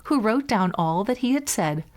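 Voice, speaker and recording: A woman reading a fairy tale aloud as a bedtime story, in a measured, gentle way. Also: medium pitch, expressive.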